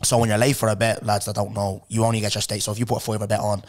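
A man's voice: on the low side, very fast. A young man hosting a podcast, telling stories in casual chat and acting out the people in them. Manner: animated, acts out other people's voices while telling stories. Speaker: podcast host.

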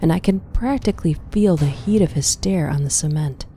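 A woman narrating a scripted horror story in a hushed, often whispery, tense way. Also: low voice, a little fast, slight background noise.

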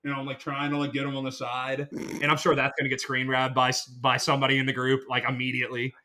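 A man's voice: medium pitch, completely flat delivery, fast, sharp tone. A young man co-hosting a podcast in casual chat. He tells stories in a loose, rambling way, full of "like" and swearing. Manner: rambling storyteller, loose and profane, lots of "like". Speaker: podcast co-host.

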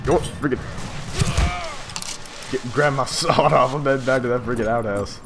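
A man doing let's play commentary on a shooter game, excitable, swearing and yelping when surprised. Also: medium pitch, normal speed, background noise. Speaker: gaming commentator. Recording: loud game gunfire over voice. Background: loud in-game gunshots.

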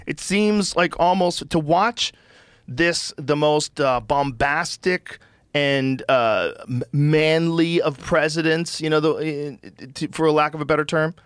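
A man in casual podcast talk, riffing fast with profane, incredulous energy. His voice sits a little high for a man. The sound is close-miked and dry. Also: smooth, no room sound. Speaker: podcast host.

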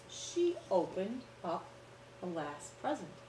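Expressive woman reading a children's story. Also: fairly low pitch, slow pace. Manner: expressive, asks the listeners questions. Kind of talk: reading a picture book aloud to children. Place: church room. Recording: roomy echo, faint background hum.

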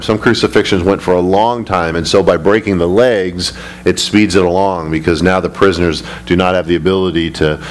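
Low-pitched guy preaching a bible study, gets real emphatic, little bit of hum. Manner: emphatic, rising high when retelling scripture. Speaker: pastor. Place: church sanctuary.

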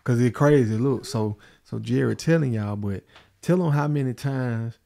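Gravelly man chiming in on a podcast. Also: medium pitch, moderate pace, mellow, slight background noise. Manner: prompts and sums up the other guest's story. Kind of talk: casual podcast chat.

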